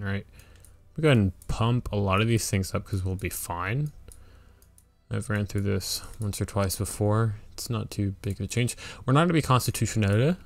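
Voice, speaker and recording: A man's voice: fairly low pitch, no room sound. A man hosting a let's play, giving casual strategy game commentary and thinking aloud with fillers and restarts.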